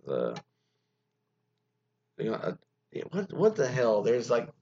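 A radio show host rambles casually, interrupting himself often and swearing freely as he comments on what he's reading. His medium-pitched voice is creaky and dark, swinging hugely in pitch while he takes his time. The recording is dull and lo-fi.

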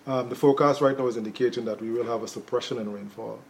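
A man, a chief weather officer, explaining a forecast as an interview guest in a measured way with frequent fillers. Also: mid-range voice, fairly even intonation, creaky, slight background noise, low-quality recording.

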